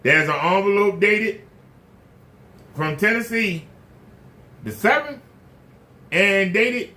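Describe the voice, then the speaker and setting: A man hosting his own YouTube channel rants indignantly to the camera, firing off repeated rhetorical questions. His voice is high and expressive, pushed and bright, and he takes it slowly in this casual rant.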